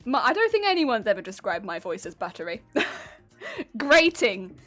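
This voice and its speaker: A woman's voice: a little high, very animated, measured pace, fairly bright tone, faint music behind. A woman streamer chatting casually with viewers while she does machine embroidery, laughing often and poking fun at her own grating voice. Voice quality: grating, honking voice.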